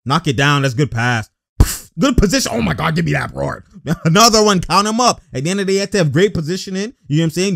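Young guy reacting to hoops, high voice, laughs a lot, dead dry sound. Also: no echo. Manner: excitable, laughing, slangy and blunt. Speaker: basketball reaction commentator. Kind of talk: casual reaction commentary.

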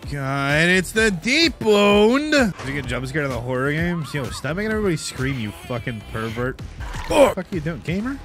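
Animated, swearing male game streamer. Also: medium pitch, brisk. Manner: profane, loud outbursts and swearing. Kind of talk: live gameplay commentary. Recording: game music underneath.

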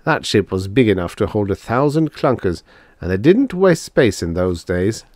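A man voicing a calm, thoughtful older spaceman who muses aloud. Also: lowish voice, normal speed, no room sound, studio quality. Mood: musing. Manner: calm, musing.

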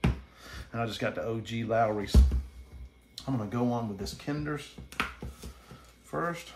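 A man's voice: mid-range voice, measured pace, over music. A middle-aged man from the American South, talking through a home cooking vlog in a folksy, rambling, self-deprecating way, first in his kitchen and then out at his grill. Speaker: cooking channel host.

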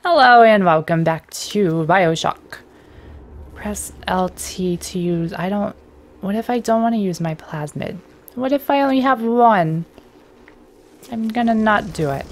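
A young woman chatting through a game at an unhurried pace, reacting nervously and talking to herself as she goes. A faint background noise sits under her voice. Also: medium pitch, lively intonation. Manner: talks to herself, jittery and reactive. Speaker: gameplay streamer. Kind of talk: casual let's play commentary.

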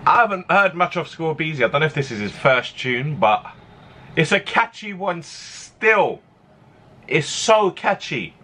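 A young man giving slangy, animated commentary as a reaction video host. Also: fairly high pitch, measured pace, slight background noise. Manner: animated, slangy, laughs easily.

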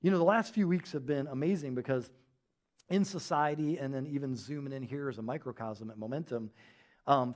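Animated high-voiced man preaching. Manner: casual, animated storytelling with filler words. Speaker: pastor. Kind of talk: sermon. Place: church.

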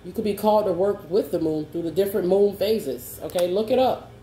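A woman's voice: medium pitch, fairly quick, mellow. A woman doing a spoken tarot reading to camera. She is reassuring and coaxing, and keeps checking in with "okay?". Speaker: tarot card reader. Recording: roomy echo, faint background hum.

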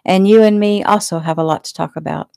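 A woman reading the lines of a gruff, protective man with dry sarcasm in a casual audiobook. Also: mid-range voice, quick pace, warm tone, dry recording, lightly acted.

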